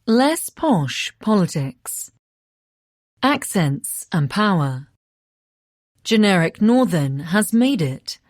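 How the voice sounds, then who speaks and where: Woman, news headlines, slow deliberate delivery, lively pitch, dry sound. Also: no echo. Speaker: news magazine narrator. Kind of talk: reading headlines.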